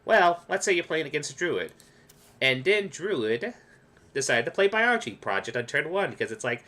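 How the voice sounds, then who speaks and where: A man's voice: a little high, sing-song, normal speed, bright, forceful tone. A man casually explaining card game strategy tips in a rambling, explanatory way. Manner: explanatory, rambling with restarts and quoted asides. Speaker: gaming video creator. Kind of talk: casual gameplay tips commentary.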